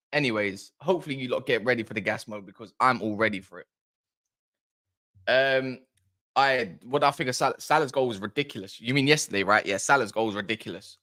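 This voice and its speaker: A man hosting a casual football fan live chat, excitable and rambling, bantering with viewers' comments. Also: fairly low pitch. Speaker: football fan livestream host.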